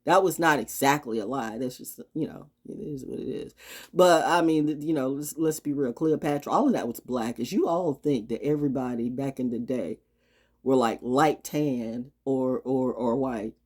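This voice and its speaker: A woman speaking in an unscripted vlog monologue, blunt and profane, swinging from loud challenges to low, muttered asides. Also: moderate pace, breathy edge. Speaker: astrology vlogger. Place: outdoors. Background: birds.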